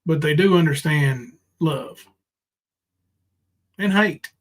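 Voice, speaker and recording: A man's voice: a little high, slow pace, low-quality recording. A man ranting on a livestream, confrontational and profane, full of ums and restarts. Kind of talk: casual livestream rant.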